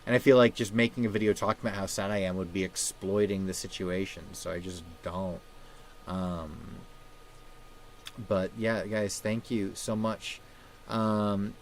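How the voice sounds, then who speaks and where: A man hosting a casual livestream, talking in a subdued, halting way with many fillers while feeling sad. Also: fairly low pitch, flat delivery, slight background noise. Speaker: livestream host.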